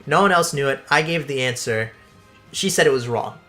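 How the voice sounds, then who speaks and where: A young man hosting a casual gameplay video, telling a school story in an animated way, swearing and laughing along. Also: mid-range voice, moderate pace. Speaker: let's play host. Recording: faint background game music.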